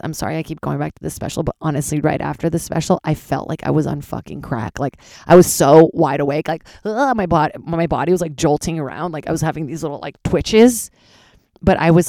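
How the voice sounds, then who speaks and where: A woman in her thirties, a comedian, chatting alone from her closet, candid and swearing, sounding tired and jumping into high squeaky voices for her own reactions. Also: mellow, dry recording, studio quality. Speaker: comedian podcast host. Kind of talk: casual solo chat.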